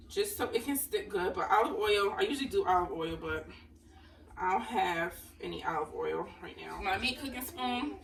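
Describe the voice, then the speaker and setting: While cooking dinner in her home kitchen, a woman vlogger chats casually with viewers and calls them honey. Her mid-range voice is a bit bright, captured on a distant mic that picks up faint room noise.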